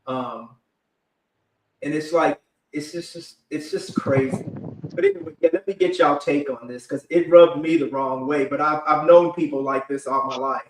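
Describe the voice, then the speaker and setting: A man's voice: a little high, animated, normal speed, recorded from a distance. A man hosting a live panel discussion, talking in a rambling, conversational way full of fillers. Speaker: panel host. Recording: echoey room, away from mic.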